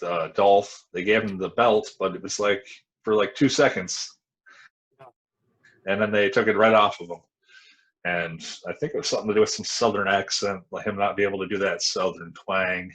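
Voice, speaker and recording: A former wrestler in his thirties is an interview guest, recounting his career frankly in casual talk that rambles and restarts often. His voice is fairly low and a bit bright, and the audio quality is poor.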